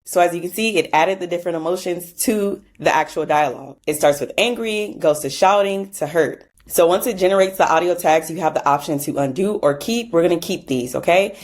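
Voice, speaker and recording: Woman, low voice, chatty tutorial host, casual asides and laughs. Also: a little fast, few pauses. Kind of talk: casual screen-recorded software tutorial.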